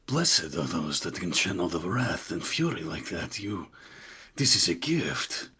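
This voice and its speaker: A man voicing an intense, zealous male warrior who speaks low and hushed. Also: sing-song, unhurried, husky, exaggerated voice. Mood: fervent.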